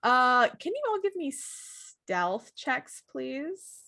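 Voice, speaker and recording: A woman's voice: sits high, sing-song, drawn-out words, gravelly, pushed and bright. A woman narrating a tabletop game as game master, casual and hesitant, with many fillers.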